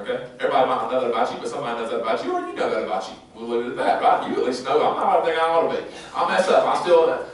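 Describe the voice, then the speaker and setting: A male pastor preaching a sermon, swinging between loud emphatic passages and chatty, joking asides to his congregation. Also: high-pitched, far from the mic. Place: church sanctuary. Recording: echoey church recorded from afar.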